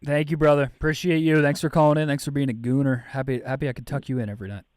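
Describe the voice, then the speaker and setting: A man's voice: medium pitch, level tone, racing, a little mellow, no room sound. Man hosting a call-in show, crude jokes, dry close sound. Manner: joking, crude, teasing callers. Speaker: podcast host. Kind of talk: late-night call-in talk.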